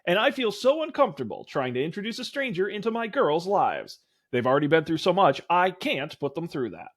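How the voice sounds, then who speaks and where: An earnest, easygoing dad from a dating game, as a man reads him aloud. His voice sits a bit high and moves up and down a lot. He sounds friendly and relaxed. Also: a little fast. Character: friendly laid-back male dad, softball coach.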